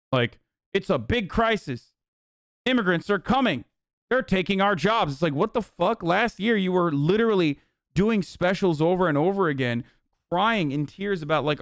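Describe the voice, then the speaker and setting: A male streamer rants about politics in a heated, profane and rambling way. His voice sits a little high. The sound is dry and close, with no room echo. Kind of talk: livestream commentary reacting to chat.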